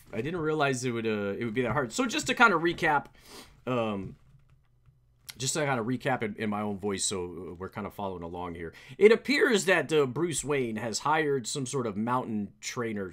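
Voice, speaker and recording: Streamer guy recapping a comic, rambling, lively up and down voice. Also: medium pitch. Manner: animated, rambling, lots of restarts and fillers. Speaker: comic book reader, streamer.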